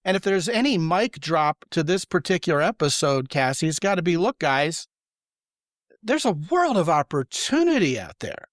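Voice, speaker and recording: A man's voice: a little high, very animated, moderate pace, dry recording. Emphatic male podcast host, dry close sound. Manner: emphatic, opinionated, acts out quoted voices. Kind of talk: casual podcast conversation.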